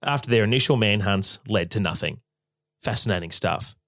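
A man's voice: lowish voice, normal speed, fairly bright tone, no echo, studio quality. A man giving scripted documentary narration in a wry, dramatic way.

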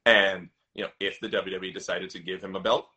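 Man, podcast co-host, casual chat, bright forceful voice, enthusiastic, stammering restarts. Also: low voice, level tone, brisk.

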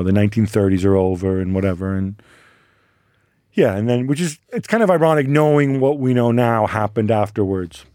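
A man with a fairly low, mellow voice, co-hosting a casual chat. He tells long stories in a wry, joking way. The sound is dry and close, with no room echo. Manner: wry, storytelling, laughs at his own jokes. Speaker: podcast co-host.

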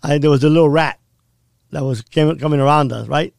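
A man's voice: fairly high pitch, a little fast, vocal fry, no room sound, studio quality. A middle-aged man telling a harrowing personal story in blunt, vivid casual talk, often checking in with "right?". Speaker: podcast guest.

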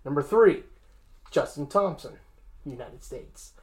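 A middle-pitched sports show host runs through ranking lists in a plain, casual reading voice. Small jokes and asides break up the lists. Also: animated, slow, darkish tone.

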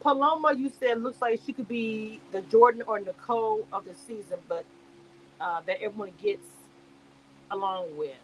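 A woman's voice: mid-range voice, normal speed, a little hiss or hum. A woman hosting a casual live stream, reading chat aloud and reacting with lots of laughter and rambling asides. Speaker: YouTube live host reacting to a reality show cast.

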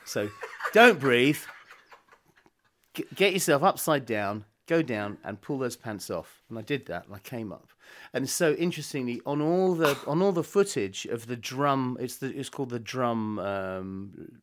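An older man and musician guest, telling lively anecdotes in casual chat. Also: mid-range voice, unhurried. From England. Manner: lively storyteller, chuckles often.

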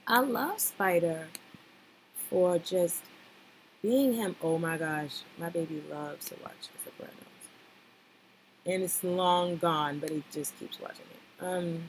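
A woman's voice: fairly low pitch, a little hiss or hum, low-quality recording. Gushing, chatty woman podcast host. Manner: chatty and gushing, lots of fillers. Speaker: podcast host reacting to a reality show. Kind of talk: casual chat.

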